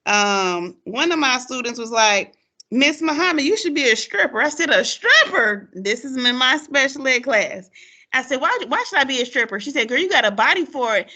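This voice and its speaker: A former teacher turned podcast host, speaking at a moderate pace in a higher voice, leads a casual chat. She's an animated storyteller, acting out her students' lines and laughing often.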